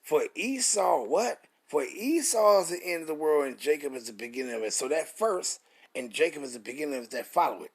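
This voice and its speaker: A man's voice: a little high, lively intonation, fairly quick, breathy edge. A man, preaching scripture in an emphatic, repetitive style, with rhetorical questions and swearing. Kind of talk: street-style scripture teaching.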